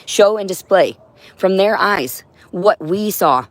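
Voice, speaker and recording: A woman's voice: medium pitch, animated, takes it slowly, dry recording. Agitated woman ranting on a livestream. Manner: agitated, profane, rambling, talks to her cat. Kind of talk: unscripted livestream monologue.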